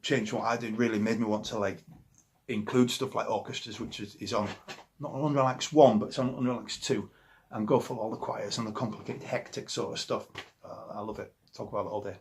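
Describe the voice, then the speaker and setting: A man's voice: on the low side, steady tone, fairly quick, a little hiss or hum. A man in his forties with a Yorkshire accent, a musician talking casually and enthusiastically about the records that shaped him. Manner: enthusiastic and rambling, with frequent restarts. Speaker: musician guest.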